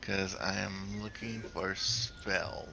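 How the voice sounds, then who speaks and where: A man playing a tabletop game who fires quick, eager questions at the table. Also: low voice, fairly even intonation, creaky, sharp tone, slight background noise, poor audio. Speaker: player. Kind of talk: casual tabletop role-play.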